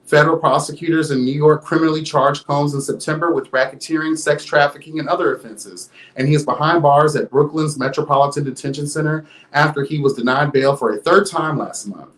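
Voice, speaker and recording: A man's voice: fairly high pitch, fairly even intonation, a little fast, hardly any pauses, a bit bright, echoey room. A man hosting a livestream gossip show, sassy and flamboyant, reading news with his own commentary. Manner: sassy and flamboyant, peppered with interjections; reads news aloud with commentary. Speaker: host.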